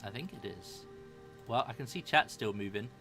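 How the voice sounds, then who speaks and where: A man running a streamed tabletop game, reading a character's demands slowly and deliberately, then chatting casually with players about connection problems. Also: on the low side, over loud music. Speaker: dungeon master.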